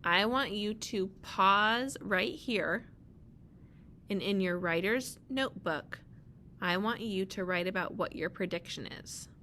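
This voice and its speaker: A young woman teacher reads a children's picture book aloud in a gentle voice. She speaks at a slow, deliberate pace and keeps stopping to ask her students questions. Faint noise sits quietly under the recording. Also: mid-range voice.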